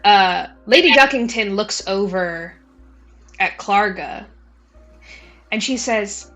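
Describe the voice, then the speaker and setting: A woman's voice: mid-range voice, slow, pauses often, fairly bright tone, faint music behind. A woman narrating a tabletop game as game master, casual and rambling. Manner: casual, rambling, lots of likes.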